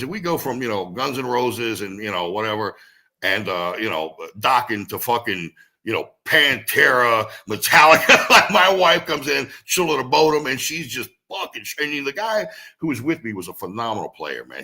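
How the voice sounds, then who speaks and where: A man telling stories in a casual interview, his voice bright and forceful. He swears freely and his pitch swings all over as he acts out the people in his tale. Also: moderate pace. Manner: swears freely, animated storyteller. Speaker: guest musician and singer.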